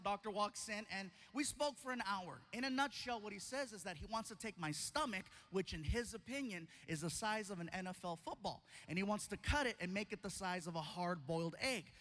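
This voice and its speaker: A man doing stand-up, telling a long story in an animated, playful manner. His voice is high and bright, and he slips into other people's voices as he goes. Faint noise sits under the recording. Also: a little fast. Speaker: stand-up comedian.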